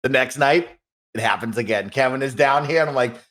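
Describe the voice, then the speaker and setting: A man on a podcast telling a story in an animated, casual way and acting out the people in it. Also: mid-range voice, fairly quick. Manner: animated storytelling with acted quotes. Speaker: podcast co-host. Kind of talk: casual chat.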